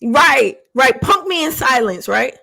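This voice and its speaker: A woman's voice: high-pitched, lively intonation, a little slow, vocal fry, bright, forceful tone, slight background noise, low-quality recording. A woman co-hosting a podcast in casual chat, reflective and questioning. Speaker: podcast co-host.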